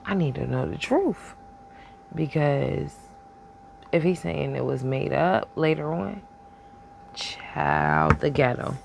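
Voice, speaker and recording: Woman reactor, gravelly voice, blunt and colloquial, faint hum behind. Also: low voice, very animated, takes it slowly, long pauses. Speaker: reaction video host. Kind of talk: casual commentary.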